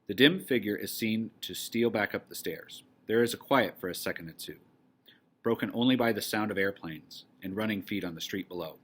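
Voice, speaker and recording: A man's voice: lowish voice, fairly quick, breathy edge. A man teacher greeting his class casually and reading the stage directions of a play aloud. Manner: casual and encouraging, then steady narration.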